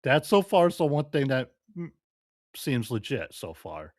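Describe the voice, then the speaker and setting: A man's voice: mid-range voice, sing-song, unhurried, no echo, clean studio sound. A man hosting a livestream, making wry asides and thanking viewers. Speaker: livestream host. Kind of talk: livestream commentary.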